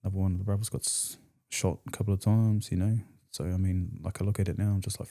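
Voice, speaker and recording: Kiwi guy on a podcast, low dark voice, blunt and sweary, just telling it straight. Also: little pitch movement, fast, vocal fry. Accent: New Zealand. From New Zealand. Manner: blunt, profane, slangy. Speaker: podcast guest. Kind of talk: candid storytelling in conversation.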